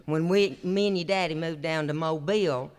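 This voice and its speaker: Appalachian storyteller in his sixties, slightly high, smooth voice, drawling homespun delivery on stage. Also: normal speed. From Appalachian North Carolina. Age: 60s. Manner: drawling, homespun, chuckles through his stories. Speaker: traditional singer and storyteller. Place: opera house stage, live show.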